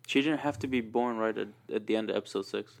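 A man's voice: lowish voice, quick pace, gravelly. A man talking loosely among friends, laying out his points at length with plenty of "um"s and "like"s. He backs down easily and apologizes when he turns out to be wrong. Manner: explains at length with fillers, apologetic. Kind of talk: casual chat among friends.

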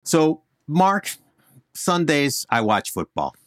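A man's voice: fairly high pitch, slow pace, dry recording, studio quality. A man from northern New Jersey hosting a casual podcast, joking and opinionated as he tells stories. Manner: joking, opinionated, lively storyteller. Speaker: host.

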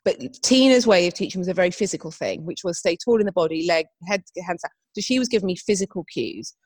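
Brief: woman, young, podcast co-host, animated storyteller, husky edge. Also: lowish voice, fast, no room sound. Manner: animated storytelling, acts out quotes. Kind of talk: casual chat.

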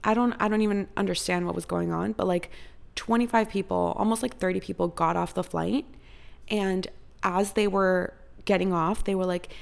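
Young woman vlogger with vocal fry, chatty and theatrical, casual storytime. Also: medium pitch, normal speed, darkish tone. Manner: chatty and dramatic, heavy use of "like".

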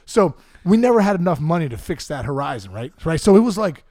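A middle-aged man from Pittsburgh, a podcast guest telling a comic story in an animated way with lots of laughs. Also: a little high, fast, no room sound. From Pittsburgh area, US. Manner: animated, laughs often, acts out voices of people in his stories.

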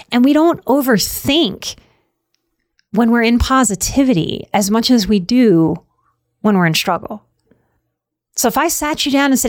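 A middle-aged woman with a fairly high voice talks earnestly to her listeners, leaning on repetition for emphasis. The recording is close and dry, with no room sound. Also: lively intonation, normal speed, dry recording. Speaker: podcast host on anxiety. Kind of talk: reflective talk to listeners.

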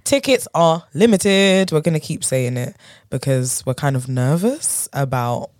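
A young woman, chatting casually as a podcast co-host. Her pitch swings widely and she laughs often, with a bit of casual swearing. The sound is close and dry. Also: expressive, unhurried, darkish tone, no echo. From England. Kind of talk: casual chat.

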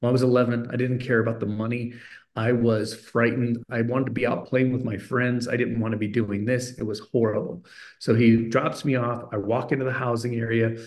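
Middle-aged man telling a lively story. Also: medium pitch, brisk. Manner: animated storyteller who acts out voices of people in his story. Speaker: podcast guest. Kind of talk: storytelling in a conversational interview.

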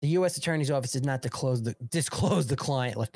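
A man's voice: medium pitch, brisk, few pauses, no room sound. A man hosting a live political talk show, reading news aloud and riffing on it in a crude, mocking, sarcastic rant. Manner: reads news aloud, then riffs on it. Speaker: host.

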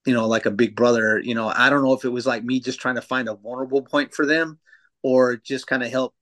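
A man's voice: medium pitch, steady tone, brisk, fairly bright tone. Profane, rambling man telling stories. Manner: loose, profane storytelling with many fillers. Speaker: tattoo artist guest. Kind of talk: casual podcast conversation.

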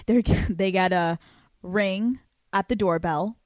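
Young woman podcast host, brash, profane and excitable; mid-range voice, dry close sound. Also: mid-range voice, slow, no room sound. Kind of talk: casual podcast chat.

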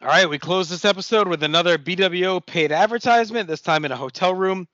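A man's voice: high-pitched, fast, fairly bright tone, no echo, dull audio. A man co-hosting a podcast, casually recapping wrestling shows and swearing freely. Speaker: podcast co-host.

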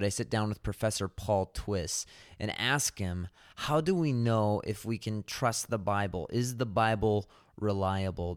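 Deep-voiced podcast host, dry sound. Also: male voice, dry recording. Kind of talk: podcast intro and interview questions.

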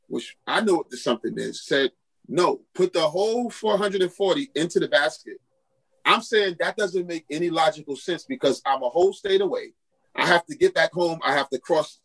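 Husky-voiced pastor telling a story. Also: male voice, a little high, poor audio. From Queens, New York. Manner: animated storyteller acting out quoted dialogue. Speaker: pastor and podcast guest. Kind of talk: storytelling testimony in a podcast interview.

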